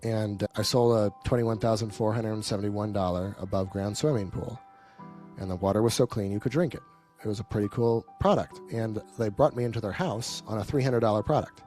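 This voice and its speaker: A man's voice: lowish voice, a little fast, dark tone, faint music behind. A man leading a live sales training, telling his own story in a blunt, casual, profane way and checking in with the audience.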